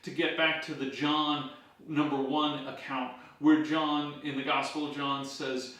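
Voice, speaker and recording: A man's voice: a little high, little pitch movement, unhurried, a bit bright. A man, a pastor leading a Bible study in a church, teaching emphatically and asking his listeners rhetorical questions. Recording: very echoey room, voice far from the mic.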